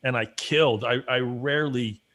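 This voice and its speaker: A man's voice: mid-range voice, moderate pace. A man in casual livestream chat, telling stories with energy and acting out what he and others said. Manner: animated storyteller who acts out his own quotes. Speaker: guest and regular collaborator.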